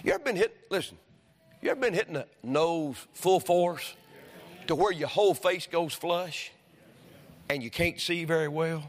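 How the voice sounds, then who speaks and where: A man's voice: fairly high pitch, lively intonation, normal speed. A male pastor preaching in a church, telling homespun stories that build into fervent preaching. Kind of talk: sermon. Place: church sanctuary. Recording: long reverb of a church hall.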